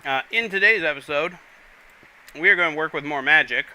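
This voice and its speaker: A man hosts a casual gaming livestream, chatting and rambling to his viewers while he plays. His voice is on the high side, fairly quick and sharp, and the poor audio carries a little hiss or hum.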